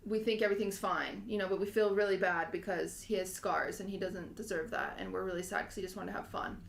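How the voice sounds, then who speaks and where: A woman's voice: medium pitch, fairly even intonation, fast, gravelly. A young woman in her twenties, co-hosting a podcast, telling a rambling, emotional story and laughing often. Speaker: podcast co-host. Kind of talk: casual chat, animated storytelling. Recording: echoey room.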